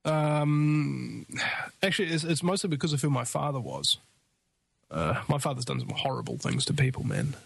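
A male radio host in a casual interview chat, talking in a rambling, animated way with many restarts. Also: mid-range voice, moderate pace, creaky, husky.

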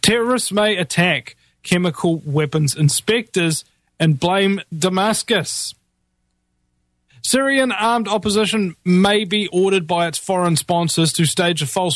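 A man giving sarcastic political commentary in a mocking, animated way, often laughing at his own jokes. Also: a little high, no echo.

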